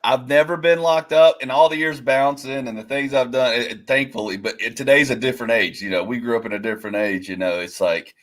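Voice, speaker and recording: A man co-hosting a podcast, chatting casually in a relaxed, rambling way. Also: mid-range voice, a little fast, hardly any pauses. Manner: relaxed, agreeable backchannels, rambling. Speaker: podcast co-host. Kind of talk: casual chat.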